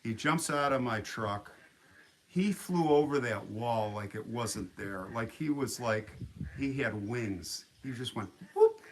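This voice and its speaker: Livestream host, lower-pitched man, casual animated storyteller. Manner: animated, acts out quotes, frequent restarts.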